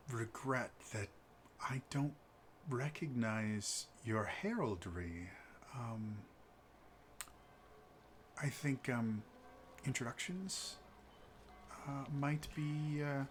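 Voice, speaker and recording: A man voicing a courteous, soft-spoken male noble in a tabletop game, polite and measured. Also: medium pitch, soft background music. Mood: smooth courtesy.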